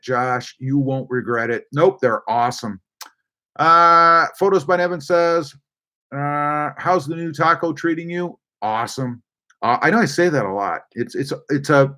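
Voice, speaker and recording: A man's voice: a little high, a bit bright. A man hosting a casual live stream, reading viewer chat aloud with many fillers and hesitations. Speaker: livestream host.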